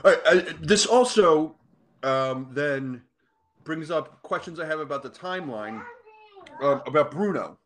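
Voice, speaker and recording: A man's voice: on the high side, lively intonation, measured pace, a bit bright, slight background noise. A man chatting casually as a podcast co-host, rambling as he thinks his questions through aloud. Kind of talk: casual chat.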